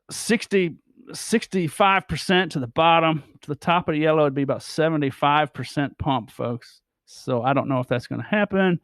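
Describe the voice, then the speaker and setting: A man's voice: on the high side, no echo. A man vlogging about price charts, rambling and stammering as he repeats his phrases. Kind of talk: casual chart commentary.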